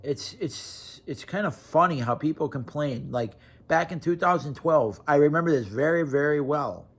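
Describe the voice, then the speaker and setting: A man's voice: a little high, lively intonation, normal speed, slightly rough. Blunt, profane young man ranting casually. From Wisconsin. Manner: blunt, profane, repetitive restarts. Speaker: vlogger. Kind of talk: casual rant to camera.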